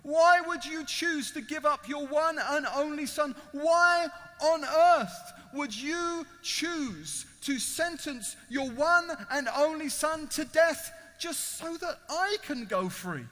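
A man's voice: extremely high pitch, expressive, slow, few pauses, fairly bright tone, voice pushed up, full character voice. A man voicing an astonished freed male prisoner who pleads to know why, heard in a reverberant hall. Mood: pleading. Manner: pleading, incredulous.

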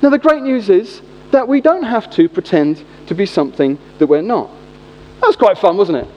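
Brief: male preacher in his forties, high voice, echoey church hall. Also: normal speed. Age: 40s. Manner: humorous, animated storytelling. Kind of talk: sermon. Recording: echoey hall, dull lo-fi sound.

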